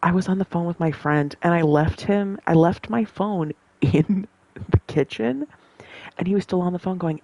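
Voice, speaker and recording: A woman's voice: fairly low pitch, lively intonation, moderate pace, creaky, a little mellow, rough recording. A young woman rambling in casual chat, laughing often and swearing freely.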